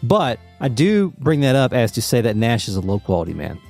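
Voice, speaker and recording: A man's voice: mid-range voice, a little fast, faint music behind. A man co-hosting a podcast, chatting casually, joking and swearing, and reading game dialogue aloud. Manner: swearing, jokey, animated when reading lines. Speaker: podcast co-host.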